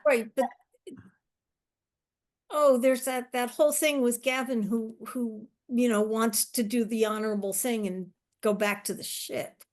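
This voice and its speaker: A woman with a fairly high voice talks very slowly in a relaxed chat. She is hesitant and thoughtful, pausing as she searches for words. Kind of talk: casual chat.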